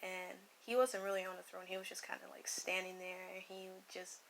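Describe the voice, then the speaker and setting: A woman's voice: lowish voice, completely flat delivery, brisk, creaky, a little hiss or hum, rough recording. A young woman telling a personal story in a casual, rambling way, often swearing and dropping into a whisper. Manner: profane, rambling, slips into whispers and laughs. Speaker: vlogger.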